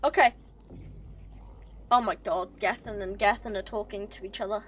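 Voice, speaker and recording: A woman streaming a game live, excitable and swearing, talking to the game characters and to her chat. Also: mid-range voice, normal speed, a little hiss or hum. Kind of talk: live gameplay commentary.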